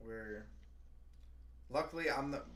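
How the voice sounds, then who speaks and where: A man's voice: medium pitch, slow pace, fairly bright tone. A young man hosting a casual stream chat, rambling and calling people bro. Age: young adult. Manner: rambling, says bro, frequent restarts. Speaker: stream host.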